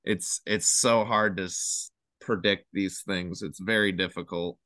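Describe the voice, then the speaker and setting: A man talking as a podcast guest in casual chat, rambling excitedly through one number theory after another. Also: deep voice, unhurried, dry recording, studio quality.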